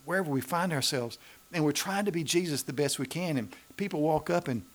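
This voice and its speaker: A man preaching a sermon, swinging between emphatic rises and hushed, slowed passages, and repeating phrases for emphasis. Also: on the high side.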